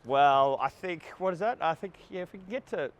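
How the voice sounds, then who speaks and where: A man's voice: a little high, lively intonation, fairly quick, lo-fi sound. A young adult man, a touring stand-up comedian, chatting casually and laughing often as he vlogs backstage. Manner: laid-back, swears freely, laughs often. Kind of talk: casual backstage vlog chat.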